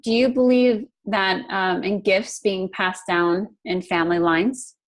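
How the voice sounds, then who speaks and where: Woman host asking curious questions, mid-pitched, affirming and chatty. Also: steady tone, a little slow. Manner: curious, affirming, with small restarts. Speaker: interview host. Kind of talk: interview questions.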